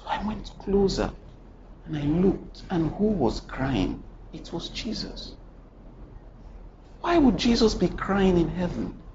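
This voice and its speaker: A man preaches a sermon as dramatic storytelling, with sudden swings in pitch and loudness, repeating phrases and putting questions directly to the congregation. He speaks slowly with long pauses over a noisy background, in a dull lo-fi recording with faint ambience.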